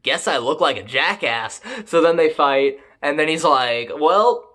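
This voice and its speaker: A young adult reviewer loosely recaps an anime episode with constant swearing and filler words. The delivery is deadpan and offhand, at a middle pitch. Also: normal speed. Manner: rambling, profane, filler-heavy, deadpan jokes.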